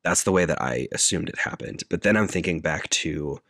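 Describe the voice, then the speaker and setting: Very deep-voiced man recapping a film. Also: animated, vocal fry, a bit bright, no room sound, clean studio sound. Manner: halting, loose, with many fillers. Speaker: podcast co-host. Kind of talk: casual chat, retelling a movie plot.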